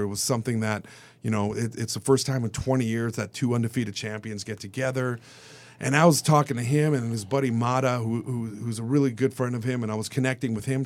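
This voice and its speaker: Animated man telling stories as a guest. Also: medium pitch. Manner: animated, acts out quoted voices, turns emotional. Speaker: actor guest. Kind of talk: casual storytelling in a radio interview.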